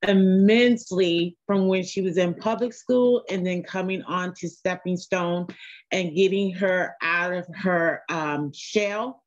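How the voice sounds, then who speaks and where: A woman's voice: on the low side, slow, muffled recording. A mother thanking teachers over a video call, choked up and tearful. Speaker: parent. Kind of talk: heartfelt thanks.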